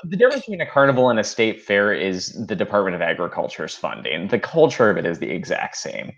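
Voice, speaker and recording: A man co-hosting a podcast, his pitch swinging widely as he rants with dry humor. The audio is a little dull and lo-fi. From Midwest of the United States. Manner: wry, animated rants with quick laughs. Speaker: podcast co-host. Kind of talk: casual podcast chat about a film.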